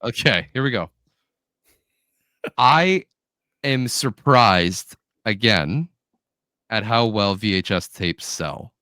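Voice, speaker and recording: A podcast co-host tells a story in casual conversation, animatedly acting out the people in it and their quotes. His lowish voice is clear and resonant, and he speaks slowly with long pauses. The recording is clean studio sound with no room echo.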